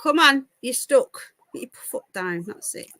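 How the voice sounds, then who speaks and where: Woman on a livestream, baby-talking her pets, high and swingy voice. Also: lively intonation, measured pace, pushed and bright. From United Kingdom. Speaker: livestream host. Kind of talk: casual live-stream chat with pets.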